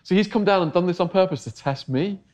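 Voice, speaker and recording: A man's voice: high-pitched, fast, a little mellow. A middle-aged English man telling a long story in a casual interview, acting out the voices of the people he quotes. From England. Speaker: interview guest.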